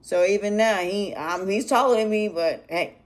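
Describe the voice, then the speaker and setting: A woman's voice: medium pitch, moderate pace. A middle-aged woman, a parent and life coach, talking bluntly and emphatically straight to her viewers in casual advice talk.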